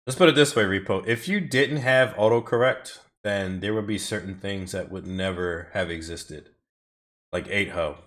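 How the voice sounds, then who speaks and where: A deep, slightly bright voice at normal speed belongs to a man streaming racing time trials from home. Driving, he chats casually and rambles with viewers, cursing often and reacting to chat.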